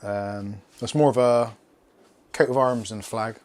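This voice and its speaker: A man's voice: on the low side, fairly even intonation, normal speed, a little mellow. A man from England hosting a casual unboxing video, rambling and joking while he chats with his household and his viewers. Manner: rambling, jokey, talks to pets and chat. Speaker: tech video host.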